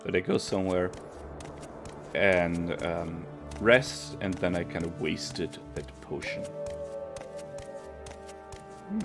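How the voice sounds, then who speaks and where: A deep-voiced man talks through his gameplay, thinking aloud and catching his own slips. His voice is low and gravelly with a lively, swinging pitch, and game music plays behind him. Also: slow, long pauses. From Germany. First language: German. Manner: thinking aloud, self-correcting. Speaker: let's play streamer. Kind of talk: casual gameplay commentary.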